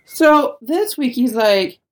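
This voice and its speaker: A woman's voice: sits high, expressive, takes it slowly. A woman hosting a podcast, chatting and teasing her husband, often laughing. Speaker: podcast host. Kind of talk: casual podcast chat.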